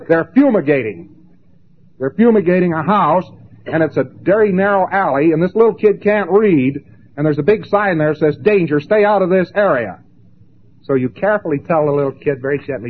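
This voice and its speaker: A man giving a lecture, emphatic and dramatic, with long pauses and mocking asides. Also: fairly high pitch, slight background noise. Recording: tinny lo-fi old recording.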